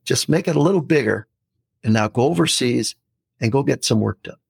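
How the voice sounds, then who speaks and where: Man in his sixties, very husky, podcast guest, animated storyteller. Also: mid-range voice, fairly quick, dry recording, clean studio sound. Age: 60s. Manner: storytelling, lively, animated quotes. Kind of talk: casual podcast interview.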